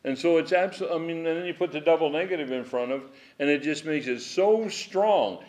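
A middle-aged man teaching an informal Bible study from home, emphatic and animated, with a strained voice and chuckling asides. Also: a little high, fairly quick, few pauses. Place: at home with dogs.

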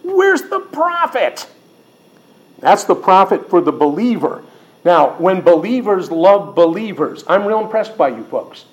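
An older man teaching a sermon on scripture in a folksy, joking way, slowing down to read verses. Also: high-pitched, lively intonation. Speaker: Bible teacher.

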